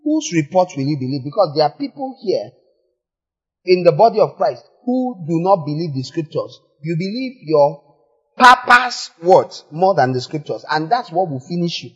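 A man preaching a sermon in a church, animated, moving from quiet asides to loud exclamations. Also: fairly high pitch, moderate pace, husky. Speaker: pastor. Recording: echoey hall, slightly dull sound.

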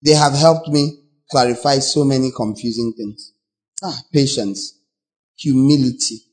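A man with a Nigerian English accent preaching a sermon as pastor, animated, acting out voices with sudden shouts. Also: medium pitch, measured pace.

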